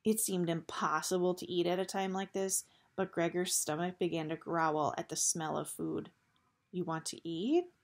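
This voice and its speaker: A woman reading a novel aloud in a steady storytelling manner. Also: fairly low pitch, normal speed, creaky, few pauses. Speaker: audiobook reader.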